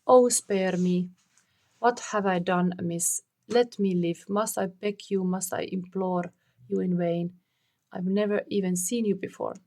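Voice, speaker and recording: A frantic young prisoner pleads and begs in a trembling storybook reading, as a woman puts her on. Her voice sits at an ordinary middle pitch. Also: fairly even intonation, moderate pace, a little mellow, close to an everyday voice. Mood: pleading.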